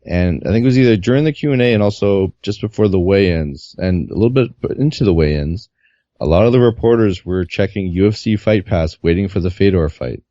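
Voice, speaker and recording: A man with a low, dark voice talks through his reporting week in a loose, meandering way, full of "uh"s. The audio is muffled and lo-fi, with a dry sound. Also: fairly quick, dry recording. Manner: relaxed, rambling with many fillers. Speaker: guest reporter. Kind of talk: casual podcast recap.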